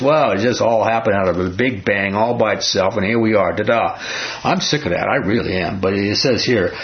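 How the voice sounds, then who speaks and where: A man's voice: fairly low pitch, muffled recording. A man teaching a Bible study in a folksy, emphatic way, often asking the group questions.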